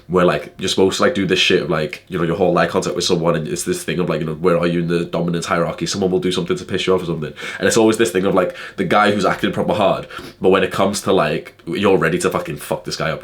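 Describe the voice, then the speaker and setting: A young man telling a story to camera in a casual, profane way, full of "like" fillers. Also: sits low. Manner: profane, heavy use of "like" fillers, animated retelling. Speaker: vlogger.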